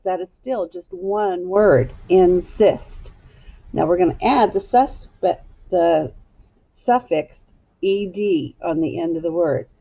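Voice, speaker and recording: Woman, phonics teacher, slow, gravelly, patient and clear. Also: lowish voice, lo-fi sound. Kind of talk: phonics lesson for children.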